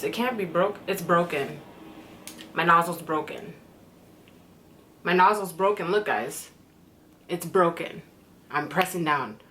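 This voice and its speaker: A young woman in her twenties from Canada talking excitedly through a beauty product first-impression vlog, chatty and swearing casually. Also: fairly low pitch, a little hiss or hum. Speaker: beauty vlogger.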